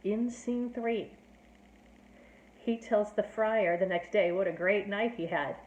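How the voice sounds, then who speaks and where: Female teacher, mid-pitched, chatty plot recap full of fillers, echoey room. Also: fairly even intonation, takes it slowly, darkish tone. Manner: chatty, filler-heavy with "like" and "you know". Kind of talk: casual plot summary. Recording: roomy echo.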